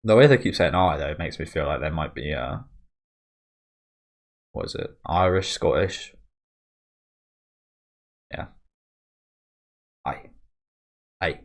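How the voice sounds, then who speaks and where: A man's voice: rumbling low, lively intonation, slow, pauses often. A man hosting a casual manga reading, commenting freely and swearing often. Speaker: manga reaction host.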